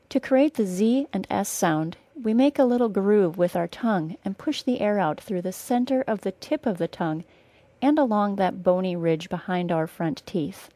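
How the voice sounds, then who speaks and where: With a warm, medium-pitched voice and no room sound, a young woman from northern Wisconsin teaches a podcast lesson on pronunciation. She speaks with a General American accent and deliberately slows to model each sound.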